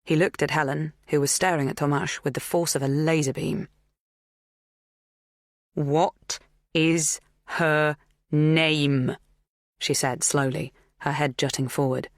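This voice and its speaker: An audiobook narrator reads a thriller in an even, measured voice of middle pitch. The sound is dry and close, with no room echo.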